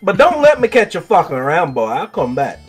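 A man's voice: sits high, wildly swooping pitch, fairly quick, husky, soft background music, exaggerated voice. A man voicing a folksy male Southern gym leader in a put-on US Southern accent, drawling and blustery as he reads game dialogue. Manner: drawling, blustery, repeats "I say" and "boy". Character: folksy southern gym leader who owns a mountain, male, middle-aged. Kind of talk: reading game dialogue aloud in a voice.

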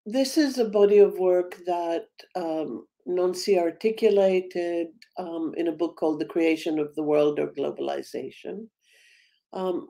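A woman giving an academic talk on a video call, thoughtful and halting, with frequent ums and restarts. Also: on the low side, gravelly, mellow. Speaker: panel speaker.

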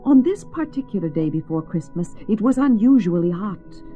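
Mellow woman reading a storybook. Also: medium pitch, moderate pace. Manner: gentle, expressive reading. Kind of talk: storybook read-aloud. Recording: slightly muffled lo-fi with faint music.

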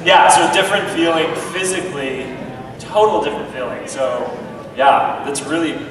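A man, a voice actor, answering fan questions at a convention panel with animated, laughing storytelling. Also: a little high, normal speed. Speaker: guest voice actor. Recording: echoey hall from far off. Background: crowd.

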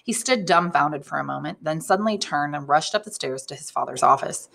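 A woman, an English teacher, reading a novel aloud with expressive delivery, lifting her voice for the characters' lines. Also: a little fast, creaky. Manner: expressive reading, raises pitch for quoted characters.

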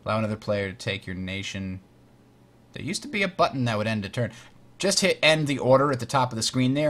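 A man hosting a board game tutorial, explaining rules in a chatty way and muttering while he works the software. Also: on the low side. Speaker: host teaching a board game. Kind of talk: casual tutorial over online play.

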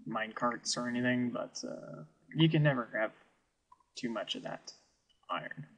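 A man's voice: medium pitch, measured pace, fairly bright tone, low-quality recording. A man giving wry, musing commentary over a video game he is playing. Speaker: let's play host. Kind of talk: gameplay commentary.

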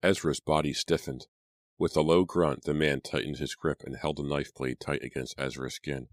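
A man narrating a horror audiobook in a measured storytelling manner. His voice is extremely deep, and the recording is dry and close with no room sound. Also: fairly even intonation, no echo. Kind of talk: scripted narration.

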